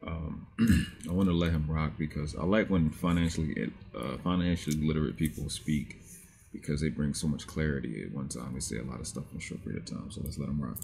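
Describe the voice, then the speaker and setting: A man hosting a reaction channel, commenting in a halting way with many fillers. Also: a bass voice, vocal fry, a little mellow. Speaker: channel host.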